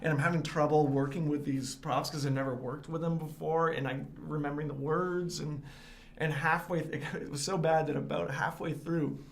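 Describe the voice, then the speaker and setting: A man's voice: a little high, steady tone, normal speed, creaky, a little hiss or hum. A man, an actor, telling a self-mocking audition story in casual chat. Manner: self-mocking, laughs through his story. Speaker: actor guest at a roundtable.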